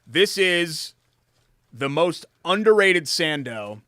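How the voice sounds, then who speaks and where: A man's voice: fairly high pitch, animated, takes it slowly, a bit bright, dry recording. A man co-hosting a casual sports talk show, joking with his co-host and doing sponsor reads. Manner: chatty, jokey, reads sponsor plugs. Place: studio.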